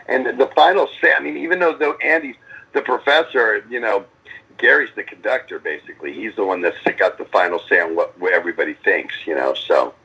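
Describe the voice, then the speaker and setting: Gravelly, raspy-voiced man on a lo-fi line. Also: fairly low pitch, a little fast, bright, forceful tone. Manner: rambling, profane, lots of restarts and acted-out quotes. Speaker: metal band frontman. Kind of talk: casual interview answers.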